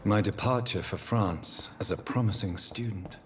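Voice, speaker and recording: An actor playing a brooding male surgeon turned vampire, speaking in a slow, grave, measured way. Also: fairly low pitch, close to an everyday voice. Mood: somber. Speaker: game character narrating. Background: clear game music.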